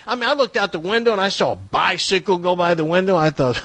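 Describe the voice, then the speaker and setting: A middle-aged man hosting comic talk radio, his voice a little husky and breathy. He reads aloud in a mocking, theatrical way and breaks off for sarcastic asides. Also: sits high, big pitch swings, quick pace, a bit bright, dry recording. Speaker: radio talk show host.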